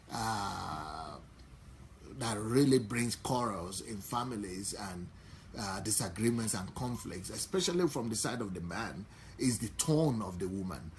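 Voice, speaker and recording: A Nigerian-accented pastor preaches in a fairly low voice, restating each point and leaning on fillers as he goes. Faint background ambience sits behind his voice. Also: a little hiss or hum. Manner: unhurried, repetitive preaching with many fillers. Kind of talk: sermon.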